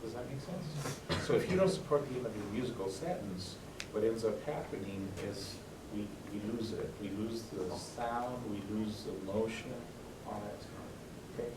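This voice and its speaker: A man's voice: fairly low pitch, normal speed, few pauses, recorded from a distance, background noise. A man conducting a school band rehearsal, giving instructions between passages and often checking that the players understand. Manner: coaching, often asks if it makes sense. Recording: roomy, off-mic, band playing.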